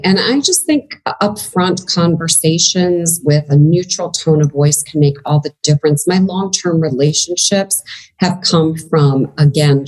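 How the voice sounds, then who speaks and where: A middle-aged woman, a business coach, answering interview questions in a calm, plain-spoken way. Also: low voice, poor audio.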